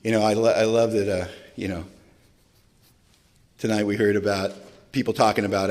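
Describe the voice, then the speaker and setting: A man in his forties telling his own recovery story to an audience, with a self-deprecating, humorous way of talking. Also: on the low side. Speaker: recovery meeting speaker. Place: large event hall. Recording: long reverb of a large hall.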